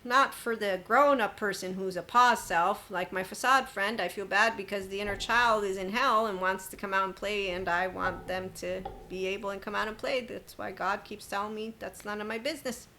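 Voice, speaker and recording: A woman's voice: mid-range voice, steady tone, normal speed, hardly any pauses, pushed and bright. A woman hosting a spiritual self-help podcast, talking in an emphatic, chatty monologue. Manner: emphatic, chatty, quoting others with sudden laughs. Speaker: podcast host.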